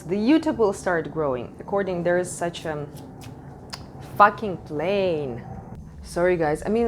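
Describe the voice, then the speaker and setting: A woman's voice: fairly low pitch, a little mellow, slight background noise. A woman who is not a native English speaker gives a casual tarot reading at home into a desk microphone, talking frankly, swearing freely and laughing often. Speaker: tarot reader. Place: home in Switzerland.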